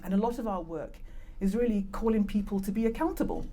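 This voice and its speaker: A woman's voice: mid-range voice, fast talker, dark tone. A woman with a British accent who was born in Nigeria gives an earnest conference talk. She speaks into a microphone in a conference room and makes chatty asides about it. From born in Nigeria, raised in Britain. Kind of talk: conference presentation. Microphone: handheld or clip-on microphone.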